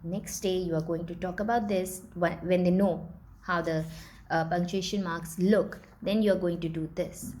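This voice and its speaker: A woman's voice: lowish voice, steady tone, moderate pace, mellow. A woman teacher, patiently explaining step by step how to teach a young child.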